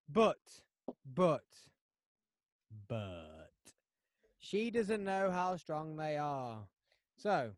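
A man hosting a podcast, chatting loudly and excitedly with friends and teasing them. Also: a little high, no room sound, clean studio sound. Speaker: podcast host. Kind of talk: casual banter with friends.

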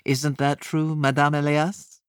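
A woman narrator voicing a kindly male dentist who speaks soothingly in a lowered voice, in an audiobook. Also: unhurried, clear, resonant tone, no room sound, studio quality, natural voice. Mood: gentle, reassuring. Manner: soothing, calm. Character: kindly middle-aged male dentist, gentle but hurried.

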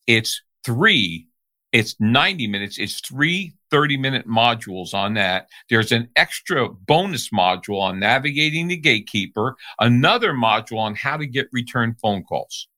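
A man, a sales trainer and interview guest, telling an emphatic story in an animated way. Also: mid-range voice, normal speed.

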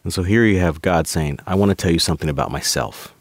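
Man, very low bass voice, dry; pastor-author guest who unpacks scripture calmly. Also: no room sound. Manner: measured, explains scripture by quoting verses. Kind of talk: conversational podcast talk.

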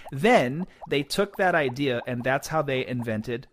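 A man's voice: medium pitch, animated, unhurried, crowd noise. A man co-hosting a podcast, explaining science in a playful, joking way. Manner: playful, joking, stumbles over hard names. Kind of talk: casual educational chat.

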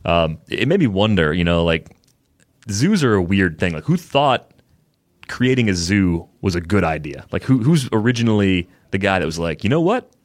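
A man co-hosting a podcast, telling relaxed stories in casual chat with dry humor. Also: low-pitched, moderate pace, dry recording. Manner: relaxed storyteller, dry humor, many fillers. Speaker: podcast co-host.

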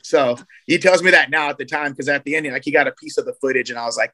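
A man from Southern California in casual podcast chat, telling animated fishing stories full of slang. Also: medium pitch. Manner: fast, animated storytelling with slang. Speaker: guest, fishing program organizer.

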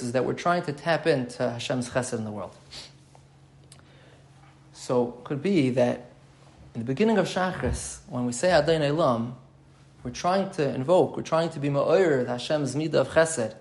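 A man's voice: on the high side, expressive, normal speed. A man giving an explanatory Torah class, thinking aloud and repeating key phrases as he explains. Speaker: Torah teacher.

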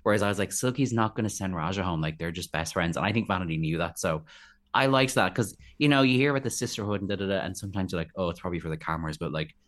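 A man chatting as a podcast guest, animated and quick to act out other people's lines in playful voices. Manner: animated, acts out quoted voices in high pitch. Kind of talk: casual chat.

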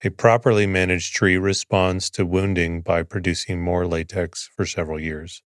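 Deep, soothing sleep-podcast reader. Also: male voice, moderate pace, no room sound, studio quality. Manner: soothing, even read-aloud delivery. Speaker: podcast host. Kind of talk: slow reading of an article to lull listeners to sleep.

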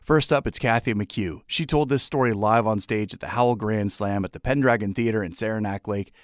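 A man hosting a podcast, reading a measured, conversational introduction. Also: lowish voice, dry recording, studio quality. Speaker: podcast host. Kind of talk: scripted show introduction.

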